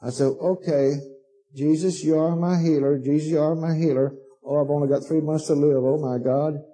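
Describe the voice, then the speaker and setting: A man's voice: sits high, moderate pace, mellow, husky, poor audio. A male preacher imitating a timid, frightened woman believer who prays halfheartedly and falters. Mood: timid, doubtful.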